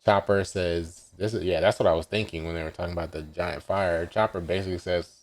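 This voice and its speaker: A man's voice: sits low, fairly even intonation, fairly quick. A man casually recapping a manga chapter as he reacts live, hesitant and full of ums and self-corrections.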